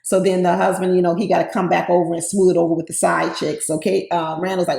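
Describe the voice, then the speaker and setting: Woman, reality-TV recapper, sassy and direct, a bit of fry, echoey room. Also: fairly low pitch, fairly even intonation, fast talker, few pauses, darkish tone. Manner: sassy, talks straight to her viewers. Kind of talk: casual opinionated commentary. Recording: roomy echo.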